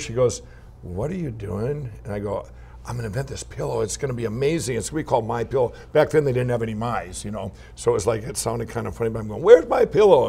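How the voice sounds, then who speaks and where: Gravelly-voiced man telling his story. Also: medium pitch. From Minnesota. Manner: rambling, animated anecdotes with laughs and restarts. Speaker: guest entrepreneur. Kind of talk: casual interview storytelling.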